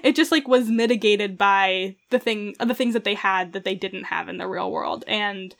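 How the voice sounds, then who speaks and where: A woman's voice: medium pitch, moderate pace, gravelly, fairly bright tone. A woman co-hosting a casual chat, talking earnestly about a story with many fillers. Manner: earnest, many "like" fillers, laughs through heavy feelings. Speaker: podcast co-host.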